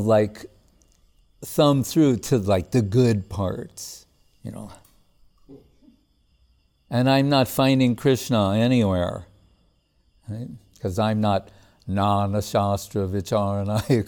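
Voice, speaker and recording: A man giving a casual spiritual talk. He speaks in a relaxed, conversational way, chuckles often, and recites Sanskrit verses between plain remarks. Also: lowish voice. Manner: relaxed and conversational, with frequent "like" and "you know". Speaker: spiritual teacher.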